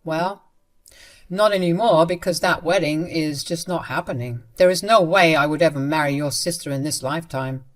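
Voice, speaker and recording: A fed-up young man, read by a woman narrator in a storybook drama. He speaks firmly and with resentment. The voice remains the narrator's own fairly low one. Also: normal speed, close to an everyday voice. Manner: firm, resentful.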